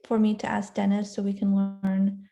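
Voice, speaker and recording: A woman's voice: mid-range voice, completely flat delivery, normal speed, gravelly. A woman hosting an online meeting, politely thanking the speaker and inviting questions. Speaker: meeting host.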